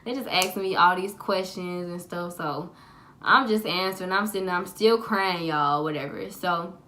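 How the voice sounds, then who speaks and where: A woman's voice: fairly low pitch, normal speed, pushed and bright, a little hiss or hum. A young woman vlogger telling a personal story to camera in a chatty, profane, dramatic way.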